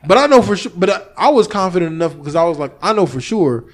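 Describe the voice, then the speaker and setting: Male podcast host, slightly higher pitch, animated and profane storyteller. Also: quick pace. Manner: animated storytelling, acting out his own past lines, swearing freely. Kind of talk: casual chat.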